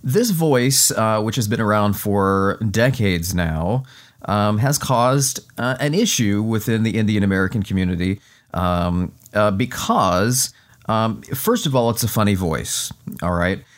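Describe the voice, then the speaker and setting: A man's voice: lowish voice, expressive, unhurried. A man hosting a podcast, chatting casually with lots of fillers while losing his voice. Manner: chatty, frequent fillers and restarts. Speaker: podcast host.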